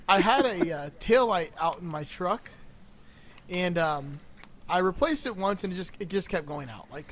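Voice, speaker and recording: A man's voice: sits high, slight background noise. A man co-hosting a podcast, chatting casually and telling jokey stories. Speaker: podcast co-host. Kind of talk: casual movie-recap chat.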